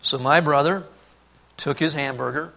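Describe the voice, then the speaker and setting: A man preaching a sermon, telling a family story and then speaking earnestly and softly about God's love. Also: fairly high pitch, moderate pace, vocal fry. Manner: storytelling, then earnest and hushed on key points. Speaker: pastor.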